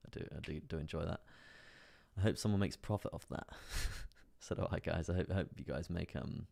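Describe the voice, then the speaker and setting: A man's voice: low voice, steady tone, moderate pace, gravelly, a little mellow. A young man chatting casually on a live stream, commenting on trades with lots of fillers and asides to viewers. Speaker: crypto trading streamer.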